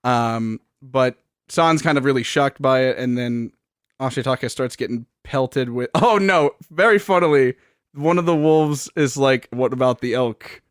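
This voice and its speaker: A man co-hosting a casual podcast, retelling film scenes with enthusiasm and dropping into a hushed voice for quoted lines. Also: mid-range voice, unhurried, smooth, dry recording, studio quality. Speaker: podcast co-host recapping a film. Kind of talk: casual chat.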